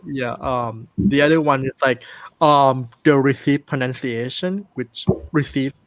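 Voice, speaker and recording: A man from Thailand speaking English with a Thai accent, chatting casually with many pauses and restarts. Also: medium pitch, no echo. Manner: hesitant, many ums and restarts. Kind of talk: casual chat.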